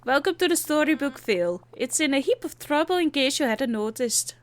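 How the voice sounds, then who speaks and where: A woman's voice: high-pitched, animated, fairly quick. A woman voicing a spirited young Scottish princess with an exaggerated put-on Scottish accent, reading game dialogue aloud. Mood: excited.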